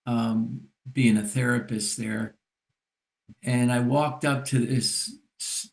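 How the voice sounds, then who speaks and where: An older man, a therapist and recovery mentor, telling a story in a relaxed podcast conversation. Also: mid-range voice. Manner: unhurried, reflective storyteller. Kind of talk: casual storytelling in a podcast discussion.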